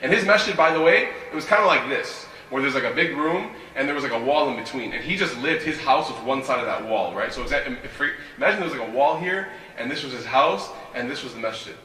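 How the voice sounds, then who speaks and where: A man's voice: mid-range voice, animated, fast, hardly any pauses, bright, forceful tone. A man giving a sermon as an imam, telling stories animatedly and asking rhetorical questions. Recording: echoey hall, voice from a distance.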